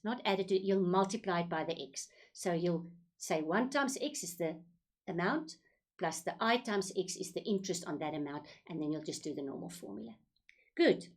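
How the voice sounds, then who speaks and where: A woman teaching a school maths lesson, patiently repeating key points and walking through each step slowly. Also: medium pitch. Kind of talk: recorded classroom lesson.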